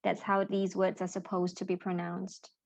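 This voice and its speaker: A woman in her thirties teaching an English pronunciation lesson, speaking deliberately and enunciating each model sound clearly for learners to repeat. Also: mid-range voice, completely flat delivery, darkish tone, muffled recording. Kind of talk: slow, careful pronunciation lesson with drills.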